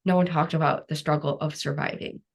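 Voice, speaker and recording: A woman's voice: low-pitched, steady tone, fairly quick. A woman guest on an interview podcast, a cancer coach telling her story frankly, quoting her past self and using many "like" fillers.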